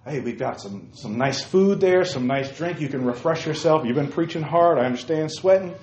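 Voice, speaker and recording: A man's voice: fairly high pitch, lively intonation, moderate pace, darkish tone. A man voicing a casual, persuasive ancient king who talks in a laid-back way, heard in a roomy, dull lo-fi recording. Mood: coaxing. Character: casual coaxing ancient king, male adult.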